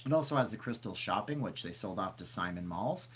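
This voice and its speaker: A man's voice: sits low, animated, brisk, slightly rough. A man hosting a casual livestream, rambling and chatty as he reads questions from the chat aloud, sniffly from seasonal allergies. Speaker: channel host answering live chat.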